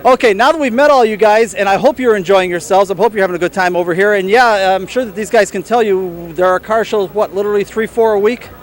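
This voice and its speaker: A man hosting an outdoor car show interview, joking and teasing his guests. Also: high-pitched. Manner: teasing, fast-talking.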